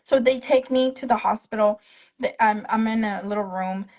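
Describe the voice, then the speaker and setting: A woman's voice: a little high, moderate pace, low-quality recording. Young woman on a phone livestream, chatty, keeps acting out what everyone said. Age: young adult. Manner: animated retelling that acts out the other people's quoted lines. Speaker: guest, stroke survivor. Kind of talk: casual storytelling on a live stream. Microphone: phone on a live video stream.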